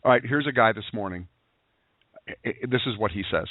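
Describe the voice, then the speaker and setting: A man hosting a daily internet radio show, talking in an energetic, preachy way full of rhetorical questions and "you know"s. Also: on the low side, a little fast, dry recording. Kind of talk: motivational call-in show talk. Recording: tinny phone-line sound, dry.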